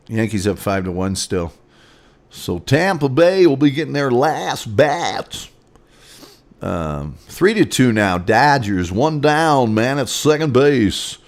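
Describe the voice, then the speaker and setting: A man hosting a casual sports show, rambling through scores with sarcastic asides. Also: lowish voice. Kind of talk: casual sports commentary and rants.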